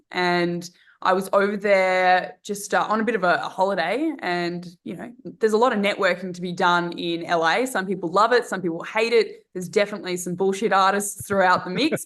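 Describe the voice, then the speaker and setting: A woman's voice: on the low side, a bit bright. An Australian woman in her thirties, a guest on a casual podcast, chatting in a rambling way with many fillers and restarts. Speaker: guest, dating coach.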